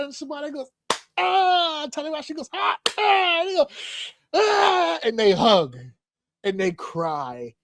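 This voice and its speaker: Man, podcast co-host, fairly high voice, dry close sound, profane, animated storyteller. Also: dry recording. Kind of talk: casual podcast chat.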